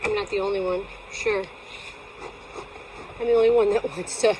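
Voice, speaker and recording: A woman from Alaska with a medium-pitched voice and fairly even intonation talks at normal speed in her bee yard. Her casual outdoor how-to vlog is chatty and playful, she teases herself along the way, and outdoor noise and passing vehicles can be heard.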